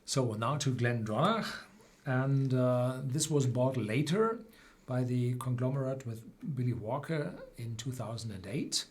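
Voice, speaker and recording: A man hosting a live whisky tasting, explaining slowly with many fillers and restarts. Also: medium pitch, animated. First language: German. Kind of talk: live-stream tasting chat.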